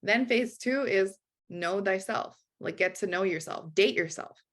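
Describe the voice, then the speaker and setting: A woman talking in an easy, conversational way as an interview guest. She tells her story with lively swings in her voice and briefly takes on other people's voices when she quotes them. Her pitch sits in a middle range. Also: a little slow. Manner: animated, acts out quoted dialogue.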